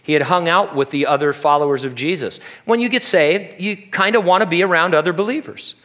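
A pastor preaching a sermon in a conversational way, with jokey asides. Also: male voice, fairly high pitch, brisk, pushed and bright.

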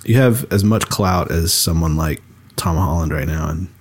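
A man co-hosting a podcast in relaxed chat, rambling with lots of fillers and restarts. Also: sits low, normal speed, husky. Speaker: podcast co-host. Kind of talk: casual chat.

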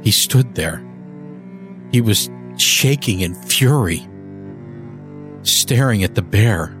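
A man reading a horror story aloud in first person, measured and often slowing down for tension. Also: faint music behind. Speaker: narrator. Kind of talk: scripted horror story narration. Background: faint cello and double bass score.

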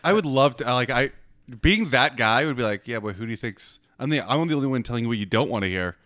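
A man's voice: medium pitch, expressive, quick pace, fairly bright tone, dry recording, studio quality. A man chatting casually, dropping wry, profane interjections and questions. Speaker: podcast co-host. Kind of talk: casual chat.

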